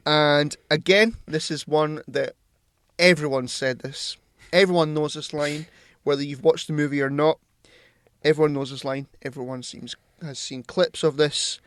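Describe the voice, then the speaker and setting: Hesitant, stumbling podcast host. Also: male voice, fairly high pitch, steady tone, unhurried, a bit bright, no room sound, studio quality. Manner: hesitant, repeats words, swearing. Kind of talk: casual banter.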